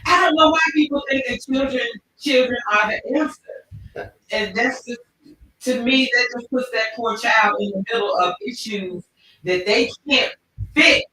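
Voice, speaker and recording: A woman hosting a casual livestream chat show, telling stories in an animated, expressive way. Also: on the high side, normal speed. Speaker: talk show host. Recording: echoey room, distant mic.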